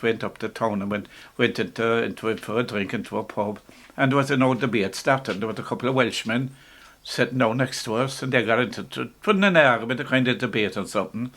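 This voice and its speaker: An older man with an Irish accent, reminiscing in a relaxed, rambling way, often stopping to restart and chuckling as he talks. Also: medium pitch, gravelly. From Ireland. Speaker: interviewee. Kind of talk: casual reminiscing.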